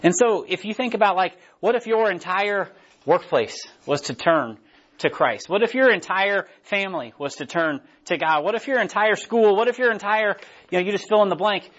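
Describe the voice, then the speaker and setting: A man gives a conversational sermon and often checks in with his listeners. His voice sits high for a man. The recording is dull and lo-fi. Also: expressive, moderate pace, fairly bright tone. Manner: casual, keeps asking "right?". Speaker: preacher. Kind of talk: conversational Bible teaching.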